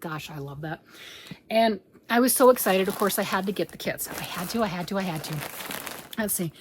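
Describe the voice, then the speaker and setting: A woman chatting casually as she unboxes a yarn kit, excitable and rambling, with sudden whispered asides. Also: mid-range voice, brisk, a little hiss or hum. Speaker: crochet vlogger.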